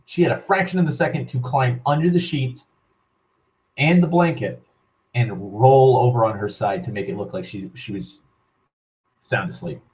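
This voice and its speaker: A man's voice: medium pitch, a little mellow, rough recording. A young man telling a long story in a casual, rambling monologue, swearing freely and filling his talk with "like" and restarts. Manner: profane, rambling, full of "like" and restarts. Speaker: channel host.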